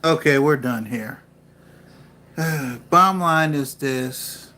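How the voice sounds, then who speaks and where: A man's voice: mid-range voice, takes it slowly, pushed and bright. A man co-hosting a livestream, talking in terse, emphatic remarks. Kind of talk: casual chat.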